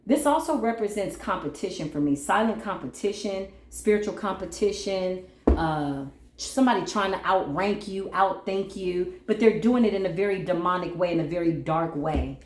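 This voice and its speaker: A woman giving a spiritual tarot reading in a vlog, animated and slangy with casual swearing, now and then breaking into sung bits. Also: fairly low pitch, normal speed, echoey room. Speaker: tarot reader.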